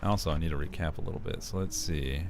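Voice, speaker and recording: A man's voice: extremely low pitch, fast talker, background noise. A man chatting casually and playfully on a live stream, laughing often.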